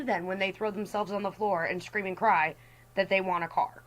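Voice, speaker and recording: A woman's voice: medium pitch, steady tone, normal speed, fairly bright tone, low-quality recording. A woman hosting a storytime rant as a voice-over, talking in an exasperated way and mimicking the people in her stories. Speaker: storytime host.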